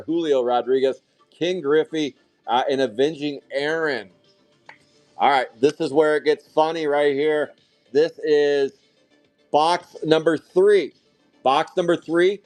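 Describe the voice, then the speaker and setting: Excitable man hosting a card break. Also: medium pitch. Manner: hype-driven, excitable calling of card pulls, casual swearing. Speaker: trading card break host. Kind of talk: live card-break stream commentary.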